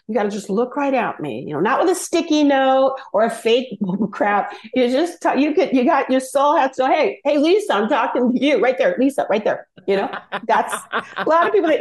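A woman with a fairly high voice, a speaking coach guesting on a podcast. She talks with eager, energetic enthusiasm, often jumping from one thought to the next. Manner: excitable, energetic, jumps between thoughts. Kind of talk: conversational podcast interview.

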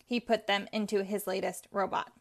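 A woman reading the part of a polite, timid old robot built from scrap, speaking a little louder than her narration. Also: mid-range voice, flat delivery, moderate pace, gravelly, close to an everyday voice. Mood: earnest, polite. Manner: polite, respectful speech.

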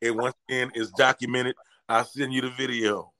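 A man's voice: mid-range voice, normal speed. A man, telling a story in casual chat and acting out the voices in his quotes. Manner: animated, acts out voices in quotes. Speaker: comedian guest telling a story.

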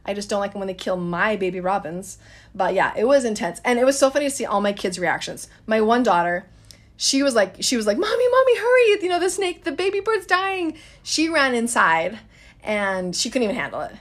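A woman's voice: medium pitch, fairly quick. A woman in her thirties telling a story in a casual, chatty way, addressing listeners as guys.

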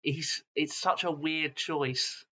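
A podcast co-host in casual film chat who speaks hesitantly, with many fillers and drawn-out phrasing. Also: medium pitch, steady tone, pushed and bright. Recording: slightly dull lo-fi mic.

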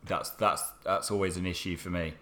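A man's voice: sits low, steady tone, fairly quick, fairly bright tone. A man, the podcast's producer, chatting hesitantly and wryly. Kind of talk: casual podcast chat.

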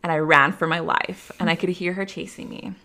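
A woman sits across from an interviewer and tells her own story in a candid, conversational way. Her voice sits low and carries a gravelly fry. She fills her sentences with "like" and "you know.". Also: fairly even intonation, brisk, sharp tone. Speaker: interview guest.

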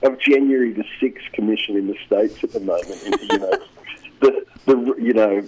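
A man chatting casually as a regular radio commentator, talking in a rambling, halting way with many restarts. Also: medium pitch, warm tone, slight background noise, rough recording.

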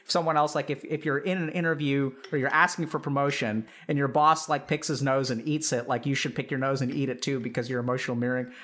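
A man who works as a psychiatrist, talking casually to a live chat audience in an animated way, with lots of "like" fillers, and calling his listeners y'all. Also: medium pitch, fast talker, hardly any pauses.

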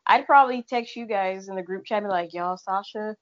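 A woman co-hosting a casual chat, adding relaxed, chatty asides. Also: medium pitch, quick pace. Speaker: podcast co-host. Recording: dull lo-fi sound.

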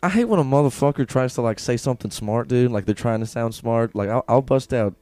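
A young man co-hosting a podcast, animated and crude, often laughing. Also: mid-range voice, brisk, dry recording, soft background music. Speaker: podcast co-host. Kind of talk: casual banter. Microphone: studio microphone.

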